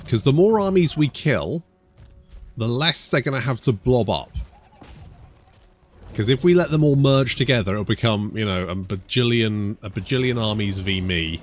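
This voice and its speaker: A man's voice: mid-range voice, expressive, moderate pace. A British man casually commentating a strategy game, chatty and rambling with joking asides. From Britain. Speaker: gaming YouTuber. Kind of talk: casual let's-play commentary.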